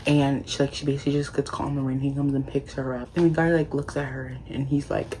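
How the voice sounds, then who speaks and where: A man chatting through a book review in an unscripted vlog style, full of gushing enthusiasm and endless "like" fillers. His voice sits at an ordinary middle pitch, with a faint hiss of noise behind him. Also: little pitch movement, fast, gravelly, few pauses, a little mellow.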